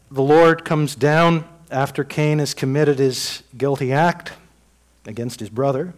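Male preacher, fairly high voice, folksy and conversational, acts out dialogue, loud bursts and soft asides. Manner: swings between loud bursts and dropped-voice remarks. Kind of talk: sermon.

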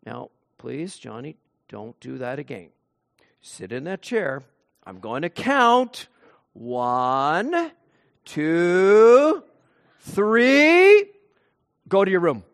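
Patient quiet dad counting to three on his kid, gently firm, as a guy acts him out. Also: a little high, very animated, very slow, gravelly, long pauses, heavily acted. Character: soft-spoken patient father scolding his son.

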